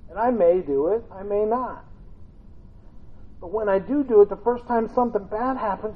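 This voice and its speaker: A man's voice: high voice, normal speed, long pauses, breathy edge. A man preaching a conversational sermon, telling stories with humor and acting out voices from the reading. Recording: tinny phone-like sound.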